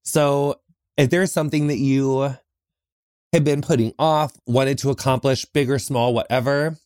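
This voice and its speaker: A man's voice: medium pitch, fairly even intonation, measured pace, a little mellow, clear, resonant tone, no room sound, studio quality. Earnest man hosting a podcast from a closet. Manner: earnest, reflective, often says "like". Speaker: podcast host. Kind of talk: heartfelt solo podcast talk. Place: small closet.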